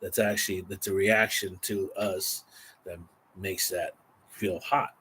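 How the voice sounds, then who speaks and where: A man vlogging, telling a rambling, animated story casually to the camera. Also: sits low, measured pace, a little hiss or hum. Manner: rambling, animated, exaggerating for effect.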